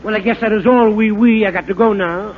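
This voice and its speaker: An actor playing a bumbling fake French professor, in rambling, stammering comic patter for a 1940s radio comedy. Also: male voice, high-pitched, steady tone, brisk, lightly acted. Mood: mock-lecturing. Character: bumbling fake French professor, fast-talking huckster man. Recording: narrow-band scratchy 1940s radio broadcast.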